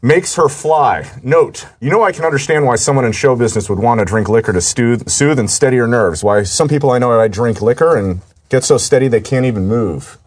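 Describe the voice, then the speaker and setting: A man's voice: mid-range voice, a little fast, few pauses. A man co-hosting a comedy podcast, reluctantly reading out jokes with hesitant uhs. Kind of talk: casual comedy podcast banter.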